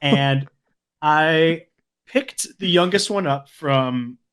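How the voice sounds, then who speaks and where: A man co-hosting a podcast, calm and teasing, building a story up at a measured pace. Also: fairly high pitch, smooth. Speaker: podcast co-host. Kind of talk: casual storytelling.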